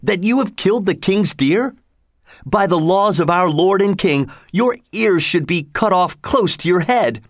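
A man's voice: high-pitched, lively intonation, unhurried, dry recording, studio quality, voice pushed up. A man voicing a stern male forester who lectures in a storybook reading.

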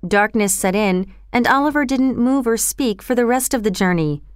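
Calm woman narrating a storybook. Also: fairly high pitch, normal speed, clean tone, dry recording, studio quality. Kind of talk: storybook read-aloud.

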